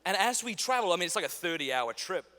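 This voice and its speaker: With a high voice and quick pace, a man in his thirties plays keynote speaker, spinning funny stories and acting out dialogue in an animated, comic way. The setting is a large conference hall, and the recording has the long reverb of a big hall.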